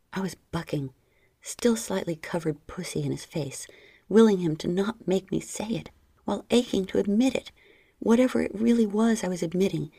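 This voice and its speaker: A woman reading a first-person story in a low, breathy, half-whispered intimate voice, close to the mic. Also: dark tone, no echo. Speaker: narrator.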